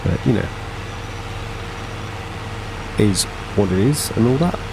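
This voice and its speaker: Chatty low-voiced man. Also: expressive, fairly quick, gravelly, noisy background. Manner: chatty, rambling, self-correcting. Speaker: gaming channel host. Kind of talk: casual farming game commentary.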